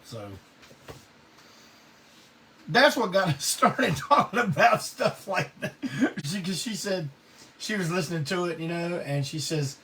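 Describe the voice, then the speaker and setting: A middle-aged man, hosting a live online show and telling stories casually, salty and quick to laugh. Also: high-pitched, animated, sharp tone. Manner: laid-back Southern drawl, salty, laughs often. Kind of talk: casual storytelling to a live audience. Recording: distant mic with faint background noise.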